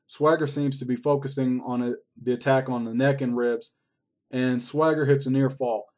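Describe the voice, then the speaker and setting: A man's voice: medium pitch, steady tone, normal speed, a little mellow. A man recapping a wrestling show in a casual, rambling way, swearing often. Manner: profane, rambling play-by-play.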